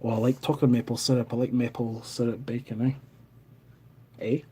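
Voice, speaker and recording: A man's voice: medium pitch, little pitch movement, brisk, mellow, slight background noise. A Scottish man in his thirties, hosting a casual live stream from home and chatting as he reads out viewer comments. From Scotland. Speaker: livestream host. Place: home in Canada.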